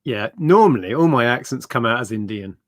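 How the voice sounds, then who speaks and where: A man's voice: medium pitch, animated, brisk, no room sound, clean studio sound. A man co-hosting a live stream, chatting casually in a jokey, playful way. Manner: jokey, playful, mock-indignant.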